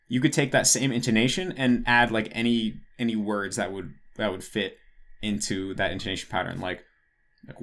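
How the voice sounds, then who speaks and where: A man's voice: lowish voice, steady tone, fast, a bit bright. A young man hosting a casual Q&A, talking in a rambling way and often correcting himself. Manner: rambling, self-correcting, many "like" fillers. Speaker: host answering patron questions. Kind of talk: casual Q&A monologue.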